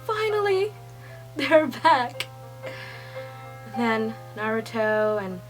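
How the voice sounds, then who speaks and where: A young woman reading a comic aloud and reacting as she goes, excitable and laughing, sometimes hushed and sometimes squealing. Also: fairly high pitch, slow pace, soft background music, rough recording. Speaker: manga reaction reader. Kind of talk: casual read-along reaction.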